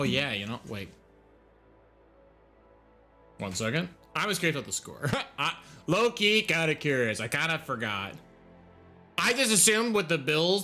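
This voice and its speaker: A man's voice: a little high, bright, forceful tone. A young man chatting casually while streaming a game live, reacting aloud to what happens and to his chat.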